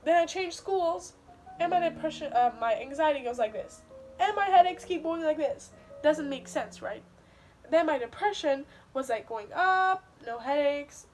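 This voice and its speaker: A woman's voice: sits high, expressive, normal speed, soft background music. A young woman venting to camera while in pain and close to tears, stressing her words by repeating them. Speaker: vlogger.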